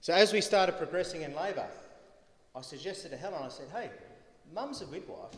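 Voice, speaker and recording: A man's voice: a little high, expressive, brisk. A middle-aged man with an anecdotal, storytelling manner, giving a eulogy for his mother at a funeral. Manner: storytelling, chuckling at his own stories. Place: funeral venue hall. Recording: echoey livestreamed hall.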